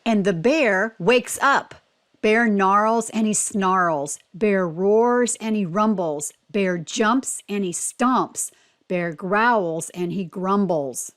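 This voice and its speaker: Slow, clear woman reading a picture book. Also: mid-range voice. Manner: slow and clear, pausing to ask simple questions. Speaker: teacher reading aloud. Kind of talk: picture book read-aloud for children.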